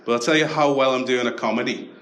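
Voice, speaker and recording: A young man with a Liverpool accent doing a stand-up set, telling stories deadpan and then shouting the punchlines. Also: medium pitch, quick pace, slight background noise. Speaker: stand-up comedian. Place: comedy club stage with a laughing audience. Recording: echoey club with audience laughter.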